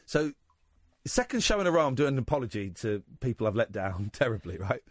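Male radio host, lively storyteller, dry close studio sound. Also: mid-range voice, a little fast, no echo. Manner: rambling, animated anecdote-telling with quoted voices. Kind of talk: casual radio chat, storytelling.

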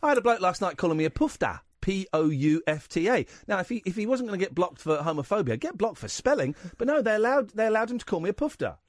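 A man's voice: high-pitched, sing-song, fast talker, few pauses, no room sound. A man hosting a radio talk show in the studio, telling a rambling anecdote full of quoted voices. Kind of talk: casual radio chat, storytelling.

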